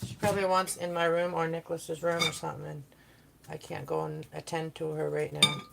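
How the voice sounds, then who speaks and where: A woman's voice: low-pitched, flat delivery, brisk, vocal fry. A woman hosting a casual baking livestream, chatting and rambling to her viewers and her kitten in a home kitchen. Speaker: livestream host. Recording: noisy background.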